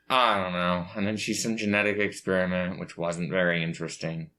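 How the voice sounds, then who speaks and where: A man's voice: low voice, level tone, a little fast, bright, forceful tone. A man co-hosting a casual movie review podcast, blunt and jokingly sure of his own opinions. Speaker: podcast co-host.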